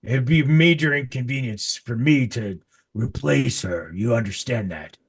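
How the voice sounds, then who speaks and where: A man's voice: mid-range voice, moderate pace, breathy edge. A man voicing a big, nervous and greedy half-orc horse trader who stammers while he haggles. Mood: evasive.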